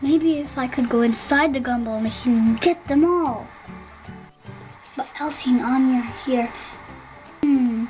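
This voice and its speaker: A woman plays a small, greedy little girl doll in a toy play video. She talks in a very high, squeaky voice. Her speech is slow and drawn out, with a sweet, childlike sing-song lilt. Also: darkish tone, soft background music, low-quality recording. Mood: dreamy.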